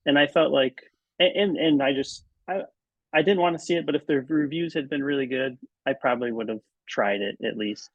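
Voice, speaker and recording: Male guest with a gravelly voice, talks in stops and restarts, heard on dull lo-fi audio. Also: mid-range voice, dry recording. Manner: halting, many ums and restarts. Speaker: podcast guest, writer and editor. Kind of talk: casual interview chat. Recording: dull, muffled, dry audio.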